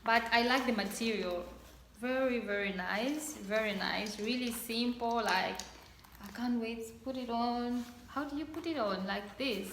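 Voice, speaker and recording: A bubbly young woman from Congo chats her way through an unboxing, gushing and laughing often. Her voice is bright and fairly high, and she talks slowly. She is recorded in an echoey room. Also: a little hiss or hum. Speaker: vlogger. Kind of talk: casual unboxing chat.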